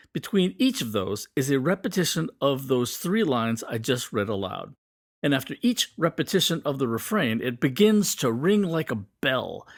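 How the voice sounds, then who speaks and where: A man teaching a poetry lesson, explaining clearly and reading quoted lines slowly and dramatically. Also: mid-range voice, dry recording, clean studio sound.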